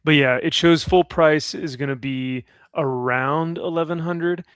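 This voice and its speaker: A man's voice: on the high side, fairly even intonation, unhurried, fairly bright tone, clean tone, no echo, clean studio sound. A man hosting a casual comic chat, rambling and upbeat, laughing often. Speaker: comic podcast host.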